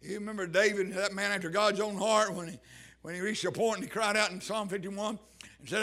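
A fervent male preacher with a high, bright, sharp-edged voice. He drives his points with loud shouted bursts, then drops suddenly to soft, hushed words. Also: steady tone, brisk. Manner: fervent, swings from shouting to hushed near-whisper. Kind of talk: sermon.

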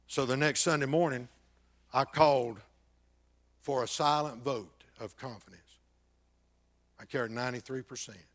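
An older man, a pastor telling a personal testimony that swings between loud bursts and hushed, near-whispered passages. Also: medium pitch, fairly even intonation, normal speed, pauses often.

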